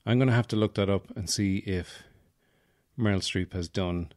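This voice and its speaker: A man's voice: sits low, normal speed, a little mellow, dry recording, clean studio sound. A man hosting a podcast in rambling, jokey casual chat. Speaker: podcast host.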